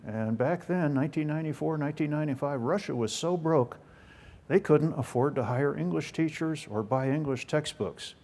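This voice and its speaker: A man's voice: a little high, moderate pace, a little mellow. Older man telling folksy stories. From United States. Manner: folksy, self-deprecating humor. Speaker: guest speaker. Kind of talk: storytelling talk.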